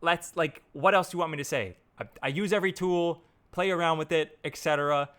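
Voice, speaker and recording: A marketer reviews software in an unscripted rant to camera, his voice fairly high, a little fast and fairly bright. He rambles casually, restarts his sentences and swears a lot.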